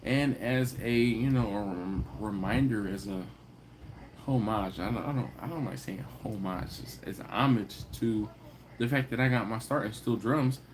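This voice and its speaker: Talking at a moderate pace in a voice on the low side, a man hosts a live barbecue channel stream with slight background noise. He chats casually with viewers, tells stories, laughs frequently, and acts out the people he quotes.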